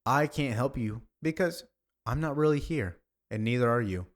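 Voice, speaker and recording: A man's voice: mid-range voice, normal speed, lightly acted. A man voicing an eccentric older informant who talks in a genteel, fussy, cryptic way.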